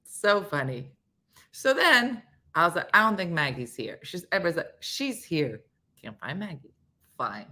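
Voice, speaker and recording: Low-voiced woman host, super animated, swings all over, acts out every quote. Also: normal speed. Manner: animated storyteller, acts out quotes, laughs often, drops to whispers. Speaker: morning show host. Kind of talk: casual storytelling chat.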